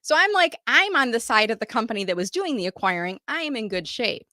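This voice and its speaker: A woman's voice: fairly high pitch, big pitch swings, fast, pushed and bright, dry recording, clean studio sound. A middle-aged woman from the United States, a marketing business owner, telling her career story in a live online talk and acting out the dialogue she quotes.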